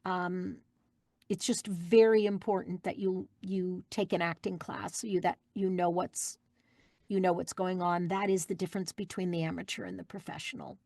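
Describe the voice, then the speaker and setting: A woman's voice: fairly low pitch, steady tone, moderate pace, vocal fry, darkish tone, dry recording, clean studio sound. A woman guest voice actress giving an emphatic interview answer, insisting on her point and repeating key phrases.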